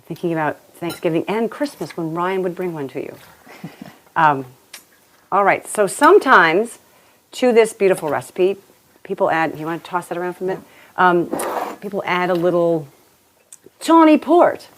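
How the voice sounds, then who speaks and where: Lowish-voiced woman chatting thru a recipe in her kitchen, jokey, some dish clatter. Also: moderate pace, long pauses, a bit bright, a little hiss or hum. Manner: chatty, playful, laughs often. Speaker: cooking show host. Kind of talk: casual cooking demonstration. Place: home kitchen.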